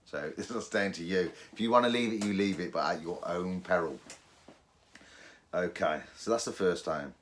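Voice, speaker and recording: Male presenter with a deep voice, relaxed hands-on tutorial delivery. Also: moderate pace, a little hiss or hum. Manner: chatty, restarts and fillers, mimics detector tones. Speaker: metal detecting presenter. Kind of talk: casual how-to explanation.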